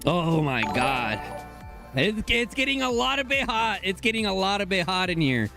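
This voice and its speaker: A young man streaming a game live, talking to his chat in casual slang and bursting into excited high exclamations. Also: normal speed, creaky, music in the background.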